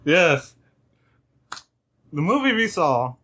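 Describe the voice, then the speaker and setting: A man's voice: on the high side, big pitch swings, takes it slowly, bright, forceful tone. A man hosting a podcast in casual chat, joking and laughing often. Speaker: podcast host. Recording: dull lo-fi podcast recording.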